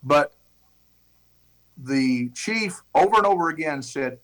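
A man preaching, retelling a story in an animated, conversational way with shifting pace. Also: on the high side, slow, pauses often, rough recording. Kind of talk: sermon illustration.

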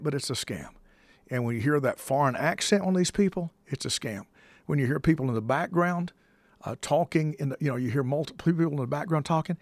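A man speaks with a gravelly, rough edge, pressing each warning with repetition and folksy turns of phrase. His voice sits dry and close, with little room around it, and his pitch stays mid-range. He sounds like a call-in show host with a preacher's ring. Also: no echo. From United States. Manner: emphatic, folksy, repeats himself for stress. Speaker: host taking calls. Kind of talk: casual on-air talk with preacherly touches.

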